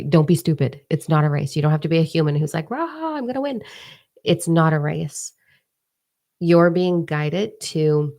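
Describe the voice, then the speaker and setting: A woman's voice: low voice, gravelly, darkish tone. A woman in her forties giving a casual, emphatic live energy forecast as a spiritual reader, repeating her key phrases.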